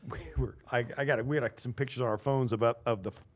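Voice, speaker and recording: A man's voice: medium pitch, fast. A middle-aged former player, a man, chatting casually in a studio and telling stories while he acts out the quotes. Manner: animated storyteller acting out quotes. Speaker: former player, regular co-host. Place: radio studio.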